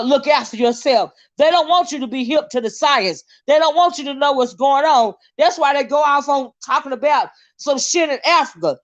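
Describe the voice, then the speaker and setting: A woman's voice: high-pitched, lo-fi sound. An American woman hosting her own channel, delivering an angry, profane, confrontational rant with repeated insults. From United States. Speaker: channel host. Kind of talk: angry ranting monologue.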